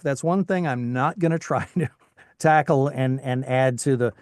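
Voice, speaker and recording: A middle-aged voice actor from Tennessee with a faint Southern accent, chatting casually in an interview with lots of restarts. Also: male voice, medium pitch, normal speed, darkish tone, clean tone, no echo, studio quality. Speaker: voice actor, guest.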